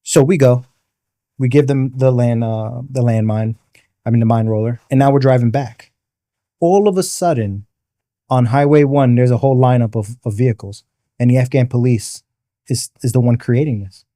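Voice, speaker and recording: A mid-pitched man tells a hard personal story as a podcast guest. His tone is mellow and dark, and the studio sound is dry and close. He takes time to spell out military terms for the listeners. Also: moderate pace, dry recording. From the Bronx, New York. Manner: vivid narrator who explains terms patiently.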